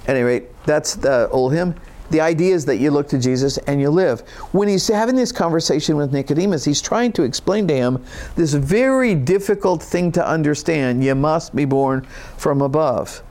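Reading scripture and explaining it with folksy, casual asides, this preacher speaks at normal speed. His voice runs a little high and carries a darkish tone.

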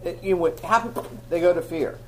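A woman teaching a Bible lesson to a live audience, telling stories with animated, self-mocking humor. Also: fairly low pitch, fairly quick, soft background music, poor audio.

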